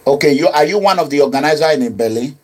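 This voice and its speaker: A man's voice: on the high side, animated, fast. Pleading man hosting a live call-in. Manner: pleading, repeats himself, switches into Nigerian pidgin. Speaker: online talk host. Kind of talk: live-streamed call-in talk.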